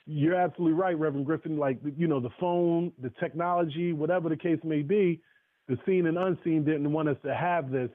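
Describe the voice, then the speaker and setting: A man's voice: a little high, no room sound. Emotional man on a tinny phone line. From North Carolina. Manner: emotional, preacherly, many restarts. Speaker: guest speaker. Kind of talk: heartfelt storytelling on a call-in broadcast.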